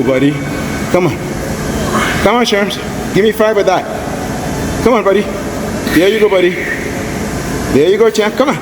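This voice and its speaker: A man's voice: fairly high pitch, very noisy. A man coaching a workout, pushing and cheering his client on and calling him buddy again and again. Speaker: fitness coach.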